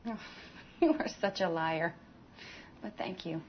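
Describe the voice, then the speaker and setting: Brief: a rueful young shop owner, low, slow, soft voice, dull lo-fi film clip. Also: female voice, a little hiss or hum. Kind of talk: film dialogue.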